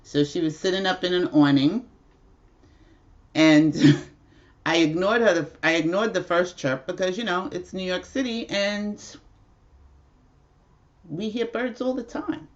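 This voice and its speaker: A woman's voice: on the low side, a little slow, pauses often, highs cut off. A woman hosting a casual livestream at home, telling a rambling story with frequent laughs. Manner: chatty, rambling, laughs often. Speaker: livestream host.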